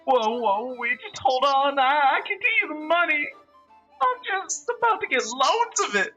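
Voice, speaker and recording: A man reading a visual novel aloud, voicing a panicky middle-aged man who begs frantically in a shrill voice. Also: very animated, fairly quick, pushed and bright, muffled recording, soft background music, exaggerated voice. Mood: panicked.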